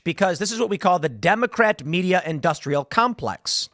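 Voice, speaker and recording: A man hosting a political commentary show, talking in an animated, sarcastic way with riffing asides. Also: high-pitched, moderate pace, no echo, studio quality. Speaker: host.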